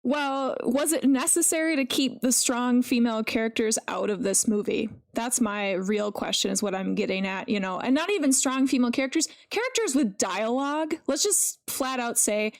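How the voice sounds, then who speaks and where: Woman co-host, casual film chat, quick opinionated delivery, a bit high-pitched. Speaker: podcast co-host.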